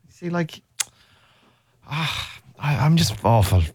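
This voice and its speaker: A man's voice: a little high, sing-song, slow, darkish tone, husky, faint music behind. Rambling radio host, man. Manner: rambling, self-mocking, bluntly teasing callers. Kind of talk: casual radio chat.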